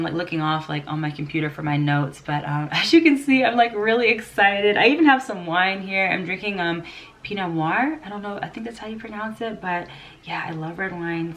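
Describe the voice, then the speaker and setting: Woman vlogger, lower voice, congested, rambling and chatty, laughs a lot, unedited talk. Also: a bit bright, slight background noise. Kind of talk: casual unedited vlog chat.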